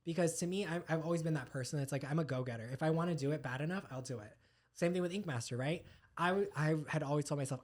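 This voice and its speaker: A man who is a tattoo artist guest, telling stories in a rambling, animated way full of fillers. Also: fairly high pitch, fast talker. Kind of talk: casual podcast chat.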